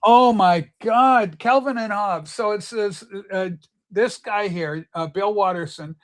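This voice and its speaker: A man with a notably high-pitched voice chats on a livestream. He tells stories with eager, rambling enthusiasm, talking straight to his viewers. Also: takes it slowly. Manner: chatty, enthusiastic storyteller. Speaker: livestream host. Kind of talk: casual chat.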